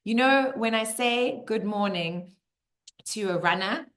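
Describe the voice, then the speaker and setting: A woman's voice: mid-range voice, unhurried. A middle-aged woman, teaching and telling stories in a casual community Q&A, acting out the voices she quotes. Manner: animated storyteller who acts out the voices she quotes.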